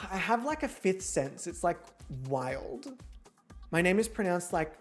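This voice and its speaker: A woman's voice: on the low side, big pitch swings, slow pace, faint music behind. A woman streamer giving casual gameplay commentary from home, with sarcastic, profane, theatrical rants. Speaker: gaming streamer.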